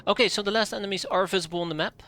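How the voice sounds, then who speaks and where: A man's voice: sits high, rapid-fire, sharp tone. A young man streaming a strategy game live, giving sarcastic, exasperated running commentary and muttering through his calculations.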